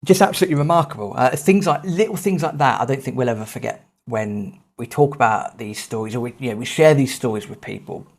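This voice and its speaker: Thirties male podcast host, casual anecdotal delivery, self-deprecating and animated. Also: medium pitch, fast talker, creaky, hardly any pauses. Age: 30s. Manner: animated, self-mocking anecdote telling with swearing. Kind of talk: casual storytelling.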